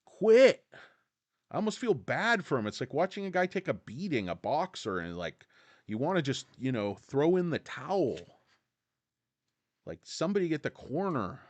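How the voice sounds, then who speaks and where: A man's voice: on the high side, sing-song, moderate pace, no room sound. A man hosting a casual stock-market livestream, rambling and joking as he talks straight to his chat.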